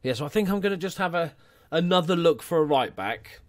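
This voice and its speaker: A man's voice: on the high side, expressive, brisk, no room sound, studio quality. A young man commenting casually on his football management game, chatty and jokey, inventing nicknames for his players. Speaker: gaming channel host. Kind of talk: casual let's-play commentary.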